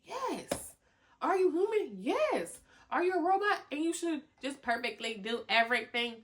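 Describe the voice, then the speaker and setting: A young woman hosting a podcast, giving animated motivational talk full of slang, cussing and laughter. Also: sits high, normal speed. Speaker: podcast host. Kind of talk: motivational casual talk to listeners.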